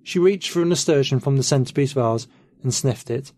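A man narrating a novel in the first person, steady and measured. His voice sits in a middle pitch, recorded close with a dry, dead sound. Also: dry recording. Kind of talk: audiobook narration.

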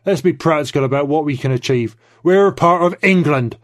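A man's voice: on the high side, brisk, pitched above the performer's own voice, lightly acted. A man voicing a blunt, contemptuous middle-aged man who talks curtly and dismissively. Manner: curt, dismissive, forceful.

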